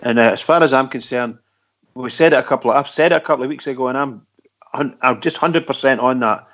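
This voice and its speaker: A man's voice: mid-range voice, fast talker, a bit bright. A Scottish man calling into a radio show, talking earnestly and repeating himself. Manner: earnest, repeats himself, says wee and pal. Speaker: caller. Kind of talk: casual radio phone-in chat. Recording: lo-fi phone-in audio.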